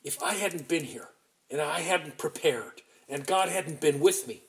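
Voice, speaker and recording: A man preaching a sermon, retelling a scripture story in an animated, emphatic way with frequent restarts. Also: a little high, measured pace.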